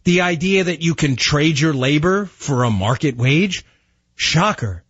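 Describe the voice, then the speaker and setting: A man's voice: a little high, lively intonation, a little slow, a bit bright, slightly rough, no echo, muffled recording. A man hosting a talk radio show, ranting in an emphatic, combative way and firing off rhetorical questions.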